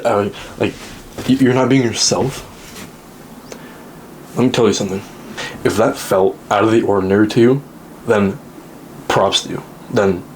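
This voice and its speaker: A young man ranting straight to the camera in a mocking, crude, lecturing way, putting on high whiny voices when he quotes others. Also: a little mellow, slight background noise. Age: young adult. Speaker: social media commentator. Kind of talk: direct-to-camera rant.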